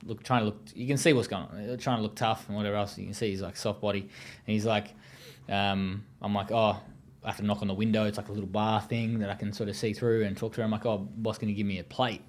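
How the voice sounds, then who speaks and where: A man's voice: fairly low pitch, flat delivery, quick pace, slight background noise. An Australian man speaking as an interview guest, telling his story in a blunt, profane, casual way with many fillers.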